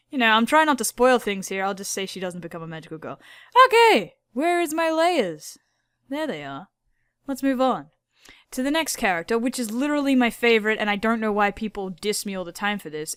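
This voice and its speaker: A woman hosting a casual video, rambling excitedly about anime characters, swearing a lot and using many fillers. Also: medium pitch, fairly quick, clean tone, no room sound, clean studio sound. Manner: filler-heavy. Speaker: video host.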